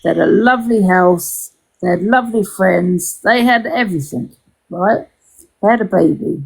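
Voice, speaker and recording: Creaky, husky woman chatting casually. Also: mid-range voice, moderate pace, poor audio. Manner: rambling, swears freely, frequent restarts. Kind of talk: casual chat.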